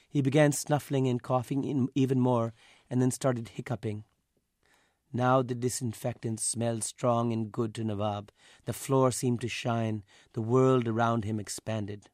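A man, the author, reading his own literary story aloud in a measured, even way. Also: mid-range voice, no echo, clean studio sound.

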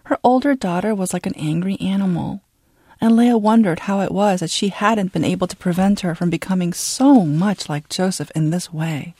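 A woman reading a novel aloud as an audiobook narrator, in a steady, measured storytelling manner. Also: lowish voice, slightly rough, dry recording, clean studio sound.

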